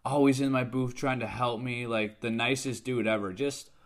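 A man speaking bluntly and swearing as he adds to his friend's story. His voice sits at an average pitch, and he keeps the tone loose and casual. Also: moderate pace. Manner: blunt, profane and animated when chiming in. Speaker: podcast co-host. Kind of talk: casual chat.

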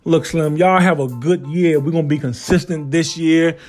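A man hosting a comedic story time show, telling a tale in a profane, slangy, animated way. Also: fairly high pitch, moderate pace, soft background music.

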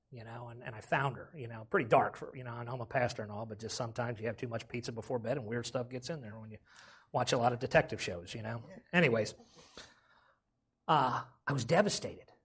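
A man's voice: medium pitch, fairly bright tone, husky. A man preaching a sermon as pastor, with folksy casual grammar and frequent calls of "amen?".

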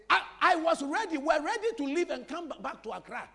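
A male pastor with an extremely high voice preaches fairly quickly. His delivery is animated, full of repeated phrases and humorous teasing of the congregation.

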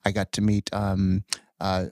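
A lower-voiced man, a podcast guest who spins stories with lively energy and slips into other people's voices as he goes. The sound is close and dry, with no room ring. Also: measured pace, no echo. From Houston, Texas. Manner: lively storyteller who acts out quoted dialogue. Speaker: podcast guest, distillery owner. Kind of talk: storytelling interview.

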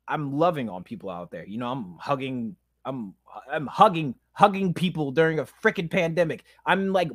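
A man hosting a podcast, telling a personal story in a candid, animated way, with loud emphasis and quiet asides. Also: on the high side, no room sound, clean studio sound. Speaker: podcast host.

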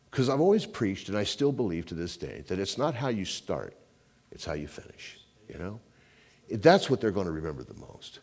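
A man preaching a sermon as pastor, in a loose, conversational way, often tossing in "man" and "you know," swinging between loud emphasis and quiet, intense moments. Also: on the low side, sing-song, brisk, breathy edge.

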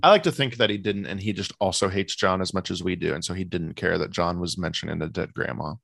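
A man co-hosting a podcast, recapping a reality show in relaxed, rambling casual chat full of fillers. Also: low-pitched, fast, creaky, no echo, clean studio sound. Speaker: podcast co-host.

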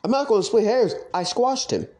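A young man telling stories from his own past in a casual, profane, excitable monologue. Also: very high-pitched, fairly quick. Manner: profane, excitable, quotes others in animated voices. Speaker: podcast host recounting his online wrestling league career.

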